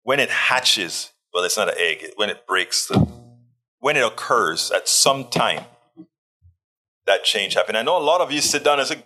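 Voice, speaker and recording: A man with a bright, forceful voice hosts a live stream in a loose, chatty way. He reads viewer comments aloud and throws in joking asides between them. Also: on the low side, expressive, moderate pace. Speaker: livestream host. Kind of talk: casual live chat reading viewer comments.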